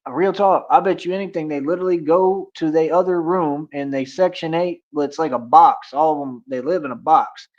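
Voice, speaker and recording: A man's voice: a little high, normal speed, few pauses, muffled recording. A man hosting a livestream, talking casually and boasting while he challenges his chat. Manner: boastful, confrontational, talks to chat. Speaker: livestream host.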